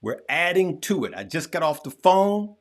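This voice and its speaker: An energetic man hosts a live stream and calls his viewers "good people" in a folksy manner. He talks right at the audience and keeps the hype going. He stresses his points by saying them again and again. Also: fairly high pitch, normal speed. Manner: repeats phrases for emphasis. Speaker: host of a live investing show. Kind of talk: hyped-up live stream chat.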